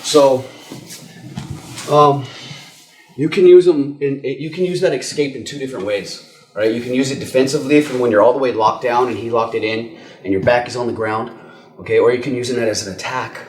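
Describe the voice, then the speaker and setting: Man, mid-pitched, laid-back grappling coach, roomy gym sound, strained breathing under a choke. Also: fairly even intonation, a little fast, slight background noise. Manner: casual, repeats words and says "okay?" often. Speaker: jiu-jitsu instructor. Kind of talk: instructional technique demo. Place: training gym, indoors.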